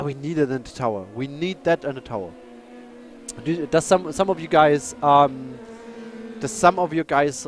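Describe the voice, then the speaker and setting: A man who speaks natively, chatting and commentating a live sim race, excitable and apologetic. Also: on the high side, a little hiss or hum. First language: German.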